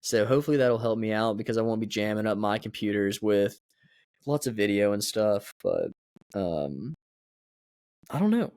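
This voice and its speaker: A man's voice: fairly low pitch, expressive, moderate pace, darkish tone, no room sound. Rambling, chatty young male podcaster, dry sound. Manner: rambling, chatty, self-mocking. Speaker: podcast host. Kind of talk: casual solo podcast chat.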